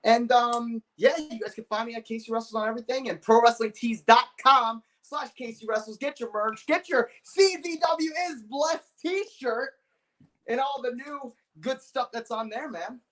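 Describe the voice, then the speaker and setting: Excitable young man guesting. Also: very high voice, normal speed, rough recording. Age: young adult. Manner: excitable, laughs easily. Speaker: guest, pro wrestler. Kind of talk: casual interview.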